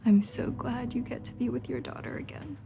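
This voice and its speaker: An actress playing a kind, smiling female hospital doctor who speaks in a soft, reassuring way in a scripted video drama. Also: a little high, animated, fairly quick, background noise. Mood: gentle reassuring.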